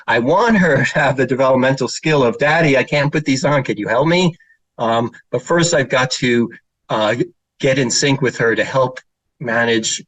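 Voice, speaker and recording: A middle-aged male child therapist gives a slide presentation, telling stories informally with fillers and sometimes imitating children's voices. His voice sits in the mid range with a fairly bright tone, and the recording is dry and rough.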